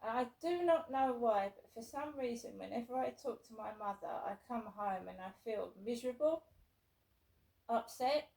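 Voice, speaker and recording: A woman's voice: a little high, expressive, moderate pace, creaky, warm tone, low-quality recording. A woman vlogger from England talking casually to the camera in a rambling way, with many fillers and restarts.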